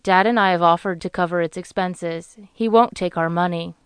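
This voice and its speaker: A woman voicing a calm, kind young man in an audiobook, speaking hesitantly. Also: fairly low pitch, moderate pace, clean tone, no room sound, clean studio sound, lightly acted. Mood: concerned.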